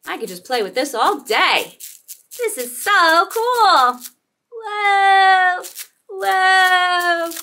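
A woman teaching toddlers their letter sounds, talking very slowly and stretching each sound. Her voice is high and swoops widely in a sing-song way. The tone is bright and clear. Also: very animated. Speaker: children's teacher and host. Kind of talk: toddler phonics lesson.

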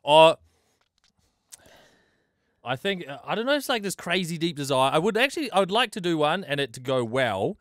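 A man's voice: a little high, sing-song, normal speed, pauses often, fairly bright tone, no room sound, clean studio sound. A young man with a New Zealand accent, co-hosting a radio show in casual banter, easygoing with lots of fillers. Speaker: radio co-host.

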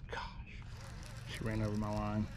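Jittery young man, hushed and rambling. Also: lowish voice, monotone, moderate pace, very noisy. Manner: rambling, breathless, says like and freaking a lot, often hushed. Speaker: fishing vlogger. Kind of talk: excited fishing vlog. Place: on a boat out of doors.

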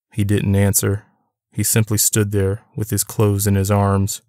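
Low-voiced man reading a novel aloud. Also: monotone, measured pace, darkish tone, no room sound, studio quality. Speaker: narrator.

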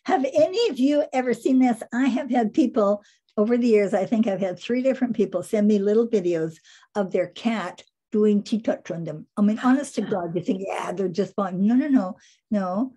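Animated older woman, soft mellow voice. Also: a little high, normal speed, slightly rough. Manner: animated, laughing often, trailing off mid-sentence. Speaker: animal trainer presenting photos. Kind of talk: casual storytelling over slides.

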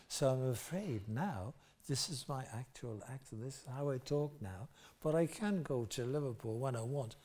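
An older man voicing a polite, apologetic actor in a quoted anecdote, speaking softly. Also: medium pitch, close to an everyday voice. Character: polite actor, male, apologetic, softened accent.

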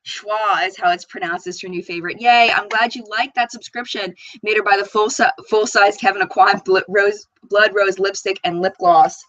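A woman's voice: mid-range voice, fairly even intonation, normal speed, hardly any pauses, fairly bright tone, no room sound, highs cut off. Bubbly chatty woman hosting a live stream. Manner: bubbly, chatty, reads viewer comments aloud. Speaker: beauty channel host.

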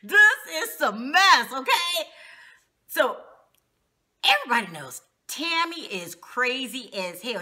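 Woman vlogger, casual gossipy TV recap, bright lively voice, laughs a lot. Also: high voice, slow. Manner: gossipy, laughs often, slangy.

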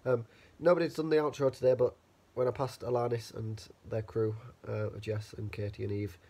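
Husky young man with a cold. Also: medium pitch, flat delivery, normal speed, warm tone. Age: young adult. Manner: chatty, rambling, swears freely. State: has a cold. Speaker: student vlogger. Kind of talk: casual rambling vlog. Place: student house bedroom, indoors. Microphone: camera held while talking.

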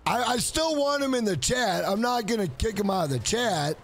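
A man's voice: high voice, lively intonation, normal speed, a little hiss or hum. A man live-streaming a video game, chatting casually with his viewers, thanking them by name and calling them "bro" again and again. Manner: talks straight to chat, repeats "bro" often.

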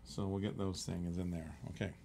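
A man's voice: low-pitched, steady tone, moderate pace, gravelly, dark tone. A middle-aged man hosting a live-stream auction in casual, rambling chatter, often chuckling and reading out bids.

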